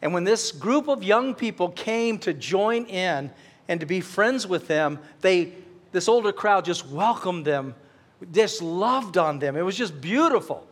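A middle-aged pastor preaches in a notably high voice. He tells a personal story with earnest warmth and presses his points with fervent emphasis. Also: expressive, measured pace. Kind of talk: sermon.

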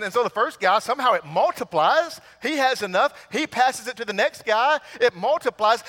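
Male preacher, storytelling sermon, tense bright tone, church reverb. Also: extremely high pitch. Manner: storytelling, rhetorical questions to the congregation. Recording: long hall reverb.

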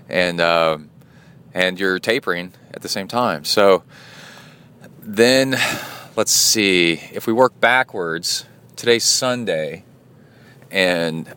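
A man's voice: deep voice, bright, forceful tone, clear, resonant tone. A man hosting a triathlon podcast, talking in a rambling, casual way with lots of fillers. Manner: rambling, chatty, many fillers. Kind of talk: casual spoken diary.

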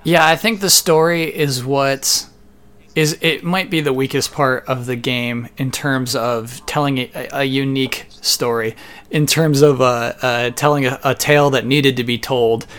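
A man chats as a podcast guest at an ordinary, mid-range pitch. He weighs his words with care and hedges a little. His delivery stays relaxed and conversational. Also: clean tone. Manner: thoughtful, measured, hedging. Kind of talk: casual chat.

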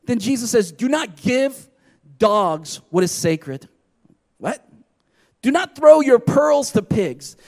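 A man's voice: very high-pitched, sing-song, slow, a little mellow. A man preaching a sermon in an emphatic style, often asking his listeners "right?". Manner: emphatic, repeats "right?" to the audience. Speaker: pastor.

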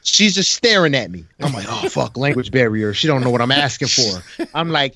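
A man hosting a casual podcast chat, telling animated stories and laughing often. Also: mid-range voice, a little fast, hardly any pauses, no echo. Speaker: podcast host. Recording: dull lo-fi audio.

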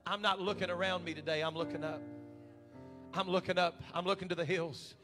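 A male pastor, preaching a fervent sermon to his church and swinging between loud shouted calls and quiet, close prayer. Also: high-pitched, fairly even intonation, fairly quick, music in the background. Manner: preaching with rising shouted fervor. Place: church sanctuary.

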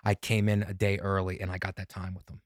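A man in his forties with a fairly low voice speaks earnestly and reflectively, often repeating himself as he works through a thought. The recording is close and dry. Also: monotone, fast, no room sound. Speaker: podcast guest, comedian. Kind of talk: casual conversation.

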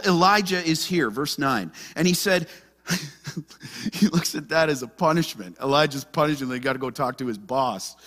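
Animated high-voiced male preacher in a hall. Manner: animated, acts out frightened voices of scripture figures. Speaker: pastor. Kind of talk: sermon. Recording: long hall reverb.

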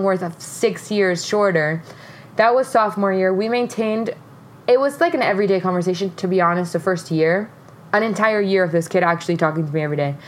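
A young woman co-hosting a casual podcast, telling a story in an animated way, with frequent swearing and laughter. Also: mid-range voice. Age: young adult. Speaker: podcast co-host.

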